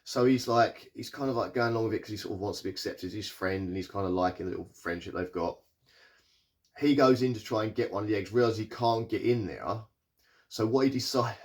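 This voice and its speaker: Guy rambling through a tv recap, lowish voice, lots of um and like. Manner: rambling, lots of fillers and restarts, paraphrases characters in quick asides. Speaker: TV show reviewer. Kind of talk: casual recap and review.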